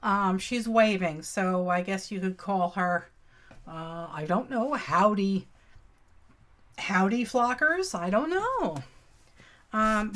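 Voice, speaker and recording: A woman with a mid-range voice hosts a casual craft live stream, greeting chat viewers with affectionate pet names and folksy, old-fashioned exclamations.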